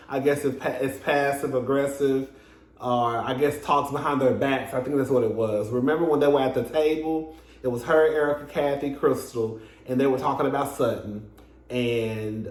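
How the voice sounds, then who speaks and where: A man giving casual commentary as a reality TV reviewer, sassy and profane, laughing often. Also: medium pitch. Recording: echoey room.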